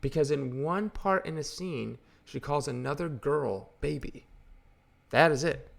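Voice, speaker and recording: A man's voice: fairly high pitch, a little slow, creaky. A man hosting a comic book channel, ranting in casual, exasperated and sarcastic commentary.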